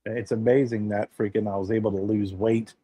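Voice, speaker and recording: A man's voice: lowish voice, fairly quick, no room sound. A man co-hosting a podcast, telling stories in a casual, emphatic way and swearing now and then. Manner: emphatic, animated storytelling with swearing. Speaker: podcast co-host. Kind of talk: casual chat.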